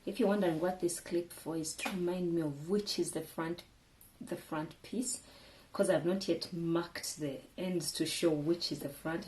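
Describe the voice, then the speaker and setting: A woman's voice: deep voice, darkish tone. A woman teaching a sewing project step by step in a casual way, often restarting and correcting her words as she works. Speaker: sewing tutor.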